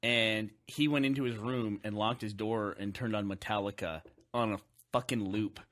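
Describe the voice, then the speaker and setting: A man's voice: lowish voice, fairly even intonation, normal speed, fairly bright tone. A young man co-hosting a podcast, telling a rowdy college story in casual chat, laughing often and swearing freely. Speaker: podcast co-host.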